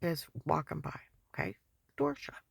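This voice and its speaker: A woman with a low, gravelly, husky voice rambles through a personal story in an agitated, repetitive way. She often sinks into a breathy whisper. The recording is dry and close, with no room sound. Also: wildly swooping pitch, moderate pace, no room sound.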